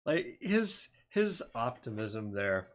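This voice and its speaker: A man's voice: medium pitch, very animated, slow, slight background noise. A man streaming casual commentary, sarcastic and rambling, often breaking into laughs. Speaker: streamer reacting to a speech.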